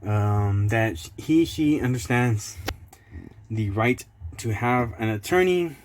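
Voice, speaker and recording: A man's voice: mid-range voice, expressive, slow, darkish tone, slight background noise. A man hosting his own channel, reading court papers aloud in casual commentary, sarcastic and indignant, laughing often. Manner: indignant outbursts.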